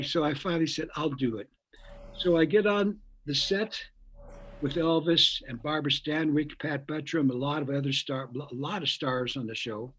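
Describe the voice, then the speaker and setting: A man's voice: fairly high pitch, moderate pace, fairly bright tone, slight background noise, rough recording. Rambling older man telling a story. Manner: rambling, repeats words, acts out quoted voices. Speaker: guest musician. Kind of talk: anecdotal storytelling.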